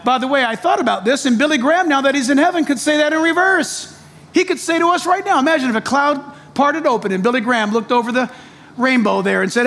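High-voiced preaching man, animated. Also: fast. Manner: animated, jokey asides, acts out quoted voices. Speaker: pastor. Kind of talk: sermon.

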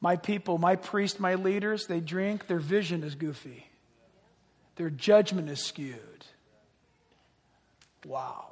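Pastor guy preaching, high husky voice, jokey, echoey church hall. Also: slow, pauses often. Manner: animated, joking, acts out voices of people. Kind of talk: sermon.

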